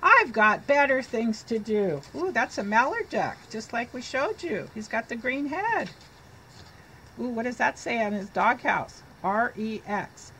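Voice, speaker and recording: A woman's voice: fairly high pitch, slight background noise. A middle-aged woman teacher reading picture books aloud to a child and asking questions as she goes. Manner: slow, animated, asks the child questions.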